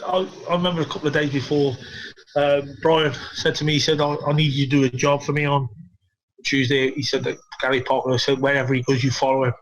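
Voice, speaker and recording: A man's voice: medium pitch, level tone, fast talker, rough recording. A middle-aged man, a former footballer, telling stories casually and swearing a lot. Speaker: podcast guest, former footballer.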